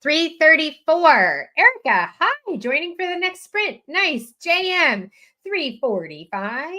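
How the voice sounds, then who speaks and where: A woman with a slightly high voice hosting a live stream in a casual, chatty way. She is self-deprecating and reads out viewers' updates into a desk mic. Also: pushed and bright. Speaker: host of a live writing sprint stream.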